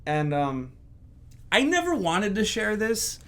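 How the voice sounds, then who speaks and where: A video creator, a man, looking back on his old videos in casual reflective commentary, candid and self-critical, pausing often. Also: sits high, wildly swooping pitch, pushed and bright.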